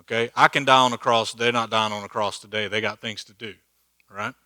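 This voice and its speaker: Male Bible teacher, casual and jokey, crisp bright tone. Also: fairly low pitch, steady tone, brisk, dry recording. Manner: joking, laughs at his own asides. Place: church hall.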